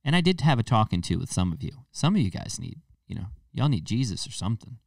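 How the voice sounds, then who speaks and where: A man's voice: on the low side, sing-song, quick pace, creaky, dry recording, clean studio sound, distant mic. A young man with a New England accent, hosting a casual comedic podcast and ranting in a rambling, profane, jokey way. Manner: rambling, profane, jokey rants with sudden loud jumps. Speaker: podcast host.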